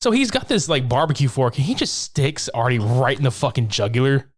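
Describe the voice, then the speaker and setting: A man on a podcast breezily walking through a horror film's plot, swearing freely. He laughs often and slips into quick impressions of the characters as he retells the scenes. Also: mid-range voice, lively intonation. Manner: profane, laughing, acts out lines from the film. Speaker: podcast co-host. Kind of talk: casual movie recap chat.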